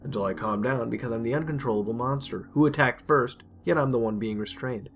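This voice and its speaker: A man reading a dark first-person story aloud, intense and emotional. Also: mid-range voice, a little fast. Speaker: narrator. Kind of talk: dramatic horror story reading. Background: faint music.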